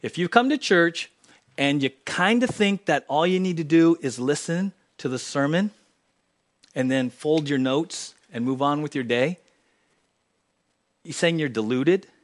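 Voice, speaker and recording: A pastor delivers a sermon in a church, his voice pitched a bit high for a man. He swings between loud, emphatic lines and soft, low asides to his congregation. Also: animated, measured pace, long pauses. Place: church sanctuary.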